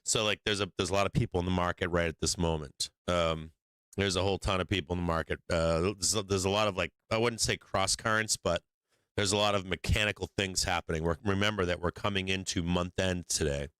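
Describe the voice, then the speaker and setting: A man's voice: deep voice, steady tone, brisk, a bit bright, smooth, dry recording. A man hosting a live stock market stream, talking casually and rambling with lots of restarts while he works his charts. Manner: rambling, restarts often, drifts off mic while working screens; casual and profane. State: has the hiccups. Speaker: stock market livestream host.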